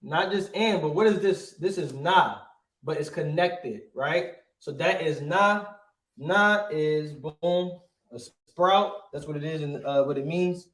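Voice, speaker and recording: A man's voice: slow, fairly bright tone. Emphatic male teacher, echoey room. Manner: rhetorical questions, emphatic "right?" and "boom". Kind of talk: classroom lesson.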